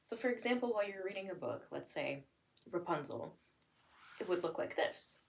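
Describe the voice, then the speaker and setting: A young adult woman demonstrating listening and speech strategies for parents, explaining plainly and acting out lively sing-song examples as if talking to a child. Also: fairly low pitch, moderate pace, creaky, far from the mic, slight background noise, rough recording.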